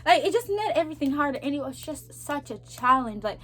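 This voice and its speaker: Talking briskly in a high, fairly bright voice with big pitch swings, a young vlogger from Zambia speaks casually to her camera. Her Zambian accent comes through as she animatedly repeats herself and laughs a lot.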